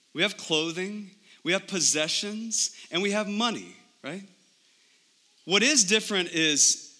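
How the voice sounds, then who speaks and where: A man delivers a Sunday sermon in a very bright, slightly high voice. He talks to the congregation conversationally, often asking "right?" and repeating words. His delivery swings from emphatic peaks to quiet, low passages. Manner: animated preaching, rising to emphatic highs then dropping low. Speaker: pastor.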